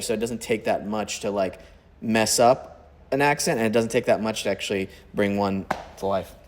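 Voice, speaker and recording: A man's voice: fairly low pitch, fairly even intonation, moderate pace, a little hiss or hum. A man from Oklahoma, an actor and podcast guest, chatting casually, explaining things at length and dropping dry one-liners.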